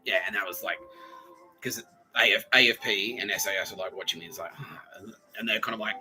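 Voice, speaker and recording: Bright-voiced man, rambling and laughing. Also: on the low side, brisk, soft background music, rough recording. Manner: loose, laughing, sweary storytelling with acted quotes. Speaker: podcast host. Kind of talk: rambling personal monologue.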